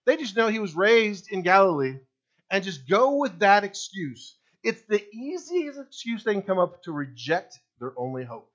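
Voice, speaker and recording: A man's voice: high voice, a bit bright, muffled recording. A male pastor preaching a sermon, emphatic and full of rhetorical questions put to the congregation.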